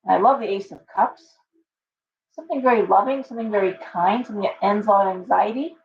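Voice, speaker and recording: A middle-aged woman chats her way through a tarot reading, talking loosely with fillers and restarts. Her voice is dulled and a little distant from the microphone, at an ordinary middle pitch. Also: fairly quick. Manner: chatty, rambling, frequent fillers and restarts. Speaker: tarot reader. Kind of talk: casual live stream tarot reading. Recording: muffled audio from away from the mic.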